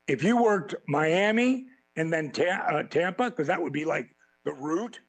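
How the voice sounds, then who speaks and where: A man as a podcast guest telling profane, animated stories and acting out quotes. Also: fairly high pitch, a little slow, no echo, rough recording. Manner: animated, swearing freely, acts out quotes. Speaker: podcast guest, former wrestling champion. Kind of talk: profane storytelling in a podcast interview.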